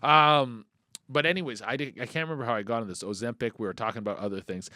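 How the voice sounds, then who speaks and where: A young man hosting a comedy podcast, riffing in a profane, animated way that swings between mumbled asides and loud bursts. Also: medium pitch, fast, no echo, studio quality. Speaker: podcast host. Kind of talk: casual comedic monologue.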